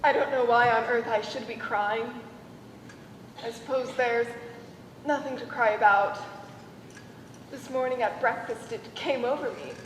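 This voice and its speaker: A wistful mother of the bride confides her worries in a rueful monologue, played by a teenage girl. Her high voice rings in a school hall. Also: fairly even intonation, a little slow, pauses often, a little hiss or hum, natural voice. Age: teens. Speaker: student actor. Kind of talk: stage acting. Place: school auditorium stage. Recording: echoey hall from far off.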